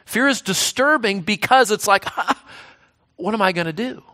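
Bright-voiced man preaching a sermon. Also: sits high, expressive, normal speed. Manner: conversational preaching with frequent restarts and "right?" asides. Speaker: pastor.

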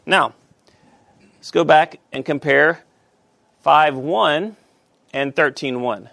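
A man teaching a Bible study class, halting with many fillers and asking the class questions. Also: on the high side, gravelly, fairly bright tone, no room sound.

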